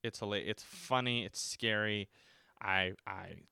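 A man's voice: on the low side, steady tone, measured pace, creaky, pushed and bright, clear, resonant tone, no room sound, clean studio sound. A man hosting a casual solo movie-review podcast. He rambles, swears freely and often restarts his sentences. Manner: rambling and profane, with frequent restarts and fillers. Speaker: podcast host. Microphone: speaks from notes, seated at a desk mic.

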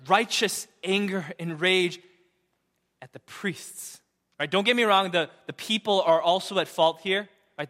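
Bright-voiced young male pastor in a hall. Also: a little high. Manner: emphatic, asks the crowd "right?" often, swings from loud to hushed. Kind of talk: sermon. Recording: long reverb of a large hall.

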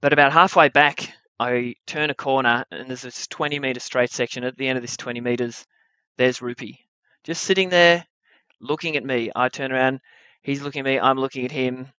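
A young man telling a true adventure story at a live story slam, wry and animated, with comic timing. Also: medium pitch, normal speed, smooth, no room sound, lo-fi sound.

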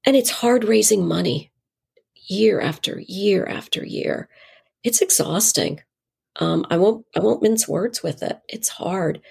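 A middle-aged woman who founded a nonprofit tells stories in an interview, animatedly performing the dialogue in her anecdotes. She speaks unhurriedly in a mid-range voice that is husky and darkish, with vocal fry, keeping the storytelling conversational.

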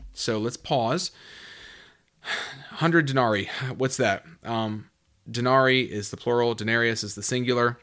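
Male Bible teacher: reads passages, then unpacks them conversationally, with sudden leaps up in pitch for emphasis. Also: unhurried. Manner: reads scripture, then explains in a relaxed, musing way with fillers; swings into high, loud emphasis when stressing a point.

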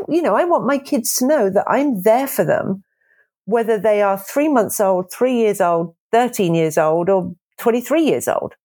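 40s woman chatting about her kids, animated, laughs a lot, does little voices. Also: slightly rough. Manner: animated, acts out voices with big pitch jumps; laughs often. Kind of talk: casual conversational explanation.

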